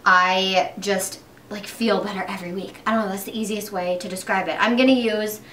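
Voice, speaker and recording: A woman's voice: mid-range voice, steady tone, fairly quick, a bit bright, roomy sound, distant mic, slight background noise. A young pregnant woman chatting casually while doing her makeup, upbeat, with lots of fillers and restarts. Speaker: beauty vlogger.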